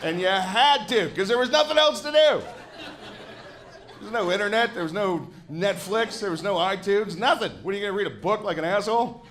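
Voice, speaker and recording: A man's voice: high voice, fairly quick, fairly bright tone. A man in his forties, a Canadian comedian, doing a grouchy, sardonic stand-up set with plenty of swearing on a club stage into a handheld mic. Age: 40s.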